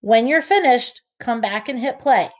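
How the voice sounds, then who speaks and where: Woman, teacher, reading lesson for kids, slow careful sounding out, slightly high voice. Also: lively intonation, a little mellow. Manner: slow, clearly sounds out each word and letter. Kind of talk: early reading lesson for children.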